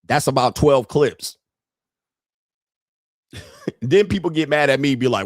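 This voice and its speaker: A man's voice: medium pitch, a little slow, pauses often, dry recording, studio quality. A man hosting a podcast, ranting in a heated, profane, preachy way and repeating lines for emphasis. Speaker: podcast host. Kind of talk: ranting monologue.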